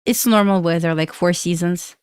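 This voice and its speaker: A woman's voice: on the low side, steady tone, normal speed, smooth, dry recording, clean studio sound. A young woman from Belarus with a Russian accent, hosting a casual trading livestream and answering questions from chat with lots of fillers.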